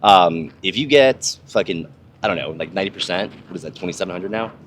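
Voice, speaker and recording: A young man with a very low voice, swearing freely and rambling through stories in a casual podcast chat. His talk is loose, full of fillers and restarts, over a faint ambient hiss. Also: lively intonation, a little fast, a bit bright. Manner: profane, rambling storyteller. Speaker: podcast host, army veteran. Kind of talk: casual conversation.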